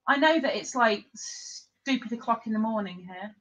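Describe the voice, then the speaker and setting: High, bright-voiced chatty woman. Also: normal speed, poor audio. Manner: chatty, giggly, rambling. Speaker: livestream host. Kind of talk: casual livestream chat.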